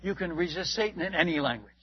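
A man in the role of a missionary preaches his testimony, building the story with emphasis and turning to ask his listeners direct questions. His voice sits high for a man and has a husky edge. The recording is dull and lo-fi. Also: lively intonation, fast. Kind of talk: testimony sermon to a congregation.

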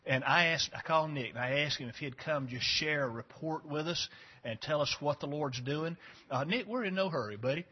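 A man, a pastor introducing a guest in a church service, talking in a folksy, halting way with many fillers. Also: a little high, breathy edge, highs cut off. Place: church sanctuary.

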